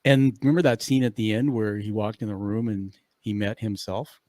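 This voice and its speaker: A man's voice: on the low side, steady tone, moderate pace, mellow, no room sound. A man hosting a podcast interview, enthusiastic and casual, calling his guest dude and swearing now and then. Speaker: podcast host.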